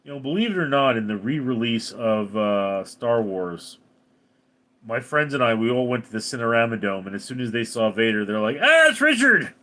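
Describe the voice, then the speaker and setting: A man's voice: medium pitch, moderate pace. A man hosting a casual livestream, reading out commenters' names and chatting back to them. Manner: reads commenter names then answers, animated.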